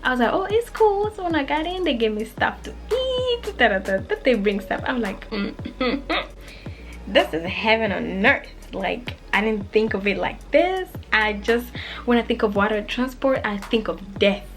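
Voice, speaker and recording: A young woman casually telling a personal story, animated and acting out her past self in quoted lines, sometimes dropping to a whisper. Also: fairly high pitch, normal speed, soft background music.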